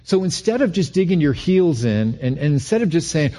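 A man's voice: a little high, big pitch swings, brisk, few pauses, dark tone. A middle-aged man preaching a sermon in a conversational way, often restarting phrases and building emphasis. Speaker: pastor.

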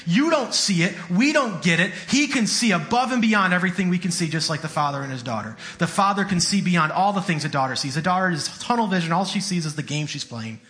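High, bright-voiced male preacher. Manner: earnest, conversational, repeats phrases. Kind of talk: sermon.

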